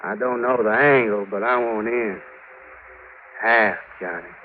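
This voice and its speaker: A man's voice: lowish voice, a little slow, narrow, tinny audio, slight background noise, natural voice. A man playing a drunk, wheedling gunman who talks in a slurred drawl, in 1940s radio acting, on an old broadcast recording. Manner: sly, pleading, menacing.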